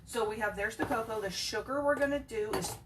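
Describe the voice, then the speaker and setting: A woman's voice: a little high, a little fast, noisy background. A woman chatting casually in her home kitchen as she cooks, laughing often and cooing at her cats. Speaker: home cook and channel host. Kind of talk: casual cooking vlog. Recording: loud kitchen clatter behind voice. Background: dishes, cutlery and stirring sounds.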